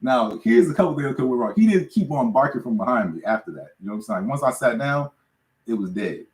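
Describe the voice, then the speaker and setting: A man's voice: medium pitch, animated, fast talker. A man hosting a live podcast, telling stories casually, laughing often and often asking "you know what I'm saying". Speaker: podcast host. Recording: roomy echo.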